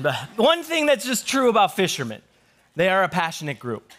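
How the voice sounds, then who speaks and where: A man pastor giving a sermon to his church, telling jokey stories with quick asides before reading scripture. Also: sits high, wildly swooping pitch, a bit bright, slight background noise. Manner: joking storyteller, quick asides. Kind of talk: humorous sermon.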